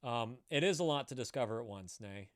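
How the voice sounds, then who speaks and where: A man's voice: mid-range voice, expressive, fairly quick, a bit bright, dry recording, studio quality. A man chatting casually on a live stream, rambling, laughing and swearing as he answers viewers.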